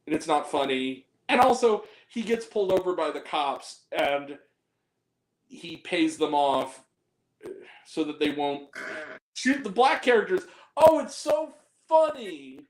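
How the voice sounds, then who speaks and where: A man chatting casually on a film review podcast, animated and profane, laughing often as he rants. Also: a little high, measured pace, reverberant, rough recording. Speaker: podcast co-host reviewing films. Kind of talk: casual chat.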